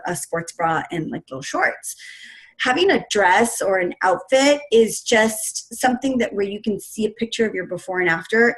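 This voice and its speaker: A woman's voice: medium pitch, rough recording. Earnest emotional woman telling her story. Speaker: fitness coach. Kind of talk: personal story in a webinar talk. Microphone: webinar computer mic.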